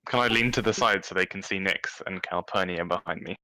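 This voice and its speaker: A man playing a tabletop game, speaking in an earnest, deliberate way. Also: sits low, bright, forceful tone, poor audio. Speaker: player.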